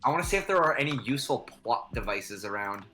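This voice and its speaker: A player at a tabletop game, speaking in a slow and halting way. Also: medium pitch, lively intonation, music in the background.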